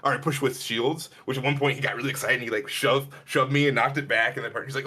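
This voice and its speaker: A man from Illinois co-hosting a podcast, telling rambling stories and acting out other people's lines in a higher voice. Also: quick pace, hardly any pauses, husky. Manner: animated, rambling, acts out quotes in a higher voice. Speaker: podcast co-host. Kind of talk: casual storytelling chat.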